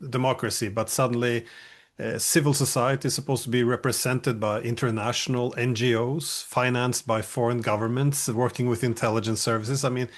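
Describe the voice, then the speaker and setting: Measured, wry male interviewer. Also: mid-range voice, flat delivery. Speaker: host. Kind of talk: interview talk.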